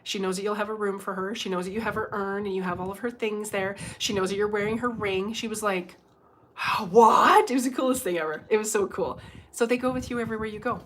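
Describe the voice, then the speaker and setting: A woman talking casually on a livestream as a psychic medium, telling stories in a chatty, animated way and chatting with her viewers. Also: medium pitch, fast, slight background noise. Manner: chatty, animated storytelling with frequent asides to viewers. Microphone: livestream microphone.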